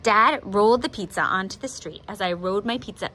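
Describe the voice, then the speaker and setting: A woman art teacher who reads a picture book aloud with expressive, animated storytelling, then gives drawing steps. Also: medium pitch, fairly quick.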